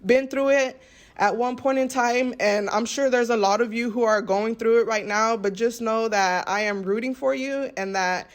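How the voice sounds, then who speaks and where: A woman's voice: on the high side, steady tone, moderate pace. A woman, speaking in a heartfelt, rambling way and often repeating words for emphasis. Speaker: lifestyle vlogger. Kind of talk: heartfelt voice-over chat.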